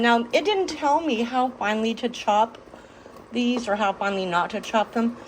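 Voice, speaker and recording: A woman with a slightly high voice talks through a home cooking vlog. She is middle-aged and chatty, and she explains each step as she works. She sounds relaxed and informal. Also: slight background noise, low-quality recording. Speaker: home cooking and garden vlogger.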